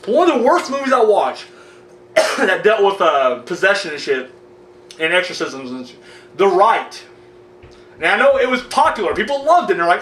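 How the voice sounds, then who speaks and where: A man ranting casually to camera, animated and profane and jokey, with quick acted-out asides. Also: sits high, roomy sound, far from the mic, a little hiss or hum. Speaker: video blogger.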